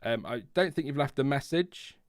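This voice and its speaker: A man's voice: mid-range voice, animated, moderate pace, no echo, studio quality. A man hosting a casual live stream, chatty and laughing often as he reads out viewer messages and press releases. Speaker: livestream host.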